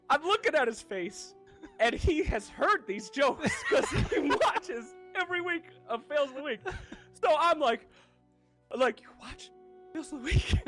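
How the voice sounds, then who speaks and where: Animated young man telling a story. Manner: animated, swearing, bursts into high excited quotes. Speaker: gaming video host. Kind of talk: casual storytelling.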